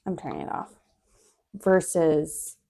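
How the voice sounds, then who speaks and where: Young woman, low-key diary vlogger: mellow tone with vocal fry, rambling and sleepy. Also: slow. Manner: rambling, chatty, drifts in and out of soft whispers. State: sleepy, yawning. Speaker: video diarist. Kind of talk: casual diary chat.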